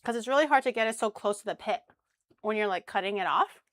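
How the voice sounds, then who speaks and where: A woman's voice: mid-range voice, expressive, quick pace, a bit bright. A young woman streaming as she cooks, chatting casually with crude jokes and easy swearing. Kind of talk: casual cooking stream chat.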